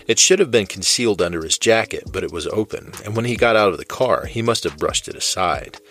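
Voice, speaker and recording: A man narrating fiction in a steady, measured way. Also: on the low side.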